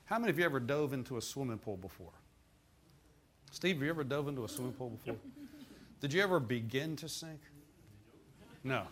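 A man preaching a sermon in a folksy, dramatic way, often laughing and breaking into sudden loud bursts. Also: fairly high pitch. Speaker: pastor.

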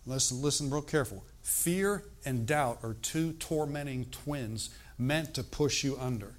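An older man preaching a sermon, animated and emphatic, moving between loud outbursts and hushed, slow emphasis. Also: medium pitch, soft background music.

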